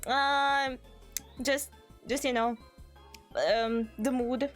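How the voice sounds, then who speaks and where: Shrieky high-pitched woman streamer, faint music. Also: takes it slowly, long pauses, fairly bright tone. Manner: shrieking, laughing, frantic repetition. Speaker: VTuber streamer. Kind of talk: excited live-stream chat. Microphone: desk microphone.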